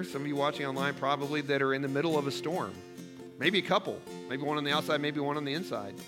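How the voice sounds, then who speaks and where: A man preaching a sermon as pastor in a church, chatty and self-deprecating, acting out his own worried prayers. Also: fairly high pitch. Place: church sanctuary.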